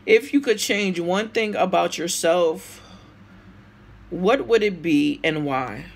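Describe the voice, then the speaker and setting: A woman's voice: fairly low pitch, lively intonation, normal speed, creaky, husky. A woman with a Brooklyn accent, vlogging casually to camera and answering tag questions, emotional and outspoken. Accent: Brooklyn, New York. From United States.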